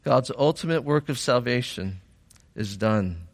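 Slow, reflective male preacher in a reverberant hall. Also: mid-range voice, lively intonation. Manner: reflective, rising to fervent emphasis. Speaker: pastor. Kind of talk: sermon.

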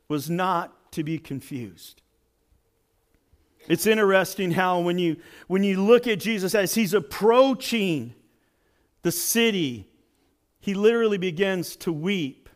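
Animated, dramatic preacher man. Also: sits high. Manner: dramatic, swings from shouting to hushed. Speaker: pastor. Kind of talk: sermon.

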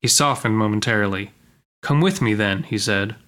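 Bright-voiced man reading a story aloud. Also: lowish voice, moderate pace. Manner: reads lines dramatically, then jokes and comments. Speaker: co-reader of a story. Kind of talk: casual reading aloud with banter.

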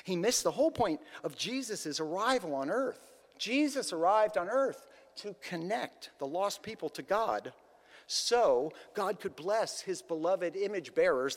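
A man preaching a sermon in a conversational, animated storytelling manner. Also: sits high, big-room sound. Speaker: pastor.

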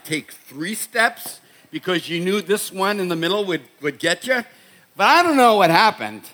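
Storytelling pastor with a Boston accent. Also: male voice, a little high, sharp tone. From Boston, USA. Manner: conversational storytelling with repeated restarts. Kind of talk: sermon.

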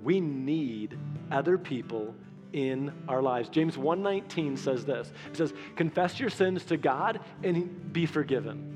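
A man preaching a sermon in a conversational, animated way, acting out the quotes in his stories. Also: fairly high pitch, measured pace, long reverb tail, music in the background. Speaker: pastor.

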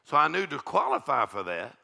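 A man's voice: fairly high pitch, very animated, a little fast, vocal fry, sharp tone. An older man, a pastor preaching an evening sermon in a folksy, joking, call-and-response way.

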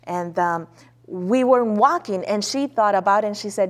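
A woman from Mexico, a guest telling a heartfelt personal story in a casual, earnest way with soft hesitant fillers. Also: medium pitch, normal speed.

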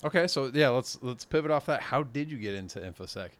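A man hosting an interview, asking relaxed, curious questions. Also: mid-range voice, quick pace. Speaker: podcast host. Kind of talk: casual interview chat.

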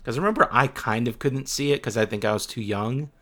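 A man co-hosting a podcast who reads out listener questions in a dry, deadpan way. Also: medium pitch, a little fast. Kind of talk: casual chat.

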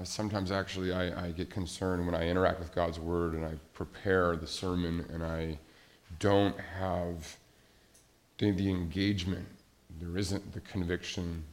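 Low gravelly guy preaching, chatty and halting, lots of ums. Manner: conversational, hesitant with many fillers. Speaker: pastor. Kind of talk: sermon.

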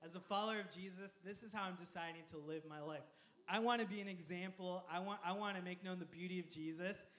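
Animated high-voiced man preaching. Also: quick pace. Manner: animated storyteller, laughs often, shouts quoted lines. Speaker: pastor. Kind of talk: sermon with a personal story.

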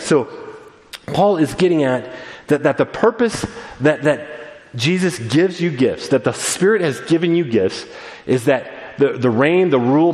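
A man giving a sermon as pastor, earnest and animated, often restarting his words. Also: mid-range voice. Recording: long reverb of a large room.

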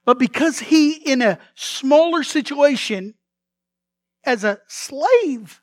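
Animated male pastor, dry close sound. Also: very high-pitched, slow pace, dry recording. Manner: animated storytelling, acts out characters' lines; repeats words and restarts often. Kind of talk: sermon.

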